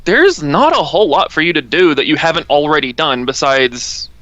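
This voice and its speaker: A higher-pitched man calling in to a show, with a bright, tense tone. He talks in a halting way, losing his thread mid-sentence. The call line sounds dull and dry. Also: animated, dry recording. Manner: halting, loses track of his thought. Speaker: caller. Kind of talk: casual call-in talk.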